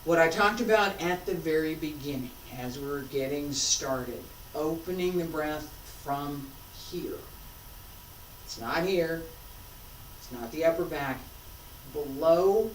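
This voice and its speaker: A woman teaching a martial arts class, calmly coaching breath and movement and repeating cues. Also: sits low. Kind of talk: class instruction while practicing. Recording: roomy, from a distance with faint noise.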